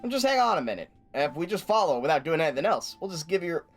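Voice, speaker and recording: Excitable southern guy, a man doing the voice. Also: a little high, quick pace, soft background music, pitched above the performer's own voice. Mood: urgent. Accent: American Southern.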